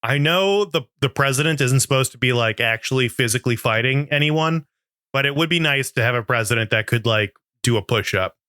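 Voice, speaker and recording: A man's voice: mid-range voice, expressive, a little fast, sharp tone, dry recording, studio quality. A man co-hosting a podcast, chatting casually and joking with frequent laughs. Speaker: podcast co-host. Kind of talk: casual comedic chat.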